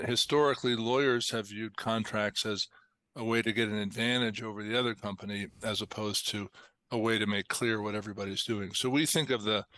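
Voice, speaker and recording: Middle-aged founder guy on a podcast, kinda low voice, dry sound, calm explainer. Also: dry recording. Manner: measured, explanatory, clears throat. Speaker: company founder, guest. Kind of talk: casual podcast interview.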